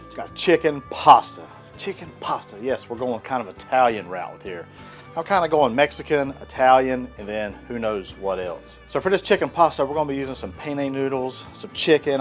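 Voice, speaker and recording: A man chats his way through a cooking demonstration in a folksy tone. His voice sits at an ordinary middle pitch. Food sizzles on a griddle with soft music underneath. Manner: folksy, chatty, with many fillers. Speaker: cooking channel host. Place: outdoor griddle.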